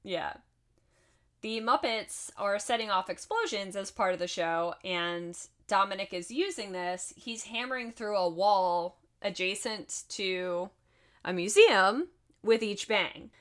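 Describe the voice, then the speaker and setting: A woman's voice: medium pitch, slow. Sex: woman. Role: podcast co-host. Style: casual chat recapping a film. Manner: chatty and laughing, with asides.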